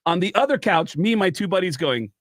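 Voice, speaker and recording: A man, a comedian and impressionist, telling stories on a podcast in an animated way and acting out the people in them. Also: high voice, fast, dry recording, studio quality. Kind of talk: podcast storytelling.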